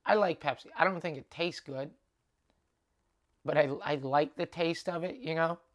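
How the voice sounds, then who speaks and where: Low-voiced woman telling rambling stories. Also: normal speed. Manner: animated, swears, acts out dialogue in quotes. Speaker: stand-up comedian. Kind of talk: casual solo podcast storytelling.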